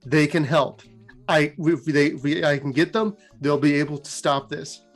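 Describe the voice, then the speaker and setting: Man as a panicky young wizard, stammering, higher voice, faint music under it. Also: normal speed. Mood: flustered. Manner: flustered, stammering. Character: flustered young male mage, panicky and sarcastic.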